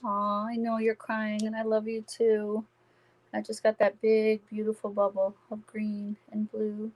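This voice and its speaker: Speaking in a measured, monotone way with a mid-range voice, a woman who works as a psychic medium offers a live-stream spirit reading. She talks gently and reassuringly, calling viewers by name. The recording quality is low.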